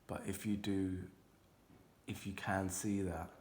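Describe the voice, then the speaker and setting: A young man talks his viewers through an intuitive card reading in a loose, rambling way, sprinkling in casual swearing. His voice sits deep and low. It stays level, with little rise and fall. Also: little pitch movement, slow pace, darkish tone, a little hiss or hum.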